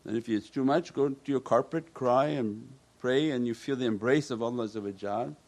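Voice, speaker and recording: A man as a religious teacher giving a calm sermon and answering questions, often weaving in Arabic prayer phrases. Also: medium pitch, moderate pace, vocal fry.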